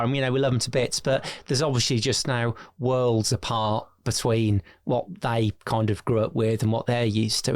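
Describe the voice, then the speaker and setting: A businessman telling family anecdotes in a relaxed, self-deprecating way as a podcast guest. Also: medium pitch. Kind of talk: conversational storytelling.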